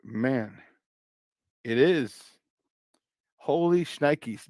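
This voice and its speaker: A man with a Chicago accent hosting a morning sports talk show, loose and joking as he gives shout-outs and runs down the lineup. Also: on the high side, moderate pace, no room sound, studio quality. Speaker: sports talk radio host.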